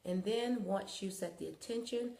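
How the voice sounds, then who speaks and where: A woman hosting a live wellness talk and guiding yoga, coaching calmly and rambling loosely with many fillers, on a phone mic. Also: mid-range voice, moderate pace, gravelly. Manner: calm, coaching guidance. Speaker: wellness host and yoga guide. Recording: echoey room.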